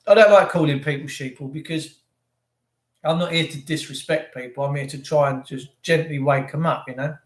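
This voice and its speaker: A man's voice: fairly high pitch, normal speed, a bit bright. A man hosting a livestream, talking in a rambling, sarcastic and opinionated way and chatting to his viewers. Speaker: livestream host. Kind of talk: rambling ranting monologue. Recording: roomy echo.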